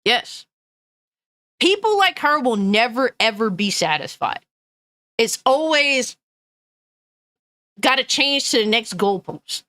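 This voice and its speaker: A woman's voice: on the high side, very animated, slow, pauses often, bright, forceful tone, no room sound. A woman gaming news streamer ranting angrily and bluntly, swearing often and reading chat comments aloud. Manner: angry, profane, blunt.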